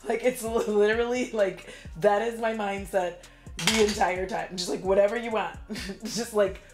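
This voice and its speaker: A woman talks straight to the camera as she does her makeup, rambling through a story in a loose, chatty way. She swears freely, laughs often and acts out her own past lines. Quiet music plays faintly behind her. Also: mid-range voice, steady tone, a little slow. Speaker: beauty vlogger. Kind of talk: get-ready-with-me storytime chat.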